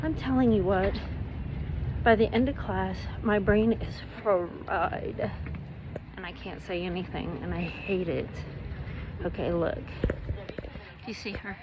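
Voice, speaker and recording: A woman's voice: mid-range voice, slow, pauses often, lo-fi sound, noisy background. A middle-aged woman vlogging to camera as she walks, venting frankly and then giving herself a pep talk. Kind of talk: casual vlog, talking to camera while walking.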